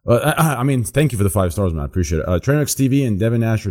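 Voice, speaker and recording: A man's voice: medium pitch, very animated, fairly quick, darkish tone. A man co-hosting a podcast, reading listener reviews aloud in a laid-back, rambling way with repeated words and casual swearing.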